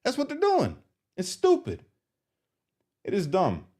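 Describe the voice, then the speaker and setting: A man doing live commentary on viewer comments, animated and exasperated as he reads them aloud. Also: high voice, unhurried. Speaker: streamer reacting to comments.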